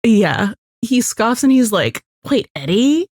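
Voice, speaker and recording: A lively woman co-hosting a podcast, talking through a TV episode and acting out the characters' lines with a lot of swing in her voice. Her tone sits a bit high, and the sound is dry and close to the mic. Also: takes it slowly, no echo. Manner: animated, acts out lines in quoted voices, swears freely. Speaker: podcast co-host. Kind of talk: casual chat recapping a TV episode.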